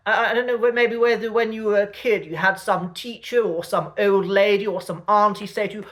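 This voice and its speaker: Male host teaching vocabulary, relaxed and conversational, often pausing to find his words. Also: high voice. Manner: unhurried, thinking aloud with pauses and restarts. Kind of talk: casual spoken lesson.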